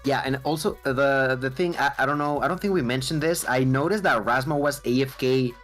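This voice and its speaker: A man co-casting esports who speaks haltingly with frequent fillers and laughs easily. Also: mid-range voice, fairly bright tone. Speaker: esports co-caster. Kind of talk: esports commentary. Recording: faint music behind the voice.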